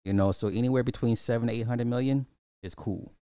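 A man's voice: medium pitch, steady tone, quick pace, mellow, clean tone, no echo, clean studio sound. A man hosting a casual live podcast, rambling through movie box office talk and answering chat comments with frequent restarts.

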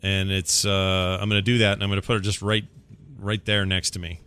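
Deep-voiced hesitant male player. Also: flat delivery, a little fast, pushed and bright, clean tone. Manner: hesitant, explains rules with fillers. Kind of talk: tabletop game play.

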